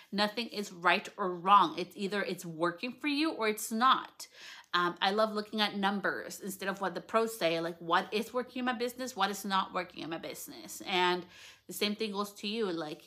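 Casual podcast lady in her 30s, swears a lot, bright punchy voice, pitch shoots up when she gets excited. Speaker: podcast host. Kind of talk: casual solo podcast monologue. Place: lounge at home.

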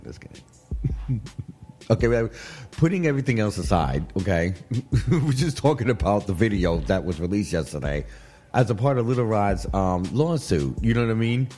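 A man's voice: on the low side, big pitch swings, fairly quick, warm tone. A man hosting a casual gossip chat in a studio, rambling, laughing often and repeating "you know what I mean". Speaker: show host. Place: studio with guests. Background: faint music.

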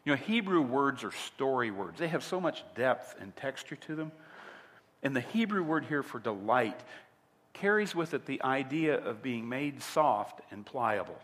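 A man's voice: medium pitch, lively intonation, measured pace, fairly bright tone. Emphatic male pastor preaching in a hall. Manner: emphatic, asks the audience rhetorical questions. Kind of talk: sermon.

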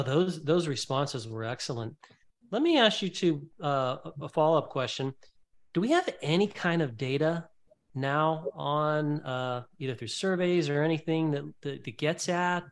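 Halting man host asking questions. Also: on the high side. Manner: halting, many fillers. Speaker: podcast host. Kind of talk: interview questions.

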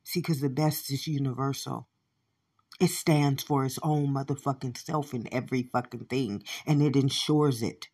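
A woman delivering a profane, repetitive monologue, shouting at times and muttering low at others. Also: steady tone, moderate pace, slightly rough. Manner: swears constantly, repeats phrases, swings from shouting to low mutters.

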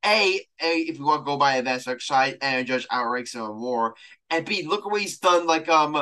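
A man's voice: on the high side, animated, fairly quick, pushed and bright, smooth. A man hosting a sports podcast, arguing his points eagerly with many fillers. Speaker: podcast host. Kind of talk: casual sports podcast chat.

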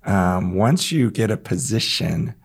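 Husky low-voiced man, earnest and halting. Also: expressive. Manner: earnest, halting, with emphatic bursts. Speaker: guest pastor. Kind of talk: reflective interview talk.

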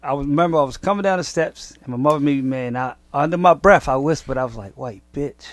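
A man telling a childhood story with slow suspense and laughter, in casual chat. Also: a little high, crowd noise. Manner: builds suspense, laughs through punchlines.

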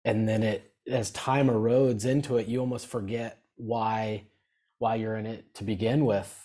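A man hosting a podcast, thinking aloud in a halting, reflective way with many restarts. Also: on the low side, level tone, warm tone. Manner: halting and reflective, restarts his sentences often. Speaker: podcast host. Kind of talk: casual podcast chat.

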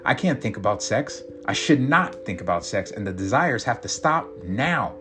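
A man's voice: lowish voice, big pitch swings, normal speed. A man reading a story voices a troubled, guilt-ridden woman, talking in a pleading, agitated way. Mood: insistent. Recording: guitar music behind.

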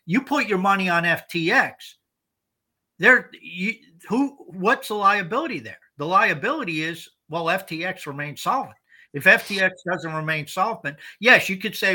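Male podcast co-host, fairly high, bright tense voice, emphatic explainer. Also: expressive, moderate pace. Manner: explanatory, emphatic, repeats words when starting over. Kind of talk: casual podcast discussion.

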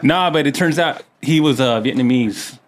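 A man's voice: medium pitch, normal speed. Easygoing male host, jokes and laughs through a loose group chat. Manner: joking, laughs often. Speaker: podcast host.

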